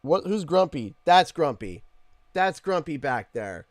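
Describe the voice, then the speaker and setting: A Canadian man chatting on a live stream in a dry, close sound with no room echo. His pitch leaps around as he jokes and grumbles playfully, taking questions from his desk mic. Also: a little slow. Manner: joking, animated, playful complaining. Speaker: streamer host. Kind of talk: casual live-stream chat. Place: home room with his 3D printer.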